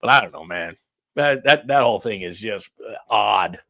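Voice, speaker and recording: Middle-aged male sports talk host, bright dry voice, rambling incredulous rant with restarts. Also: lowish voice, expressive, moderate pace, dry recording.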